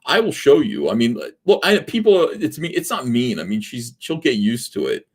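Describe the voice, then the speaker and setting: A man's voice: medium pitch, very animated, normal speed, slightly rough. A man in his forties hosting a casual livestream from his home office, rambling and sarcastic, with plenty of fillers while he reads out viewer messages. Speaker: livestream host. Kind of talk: casual livestream chat reading super chats.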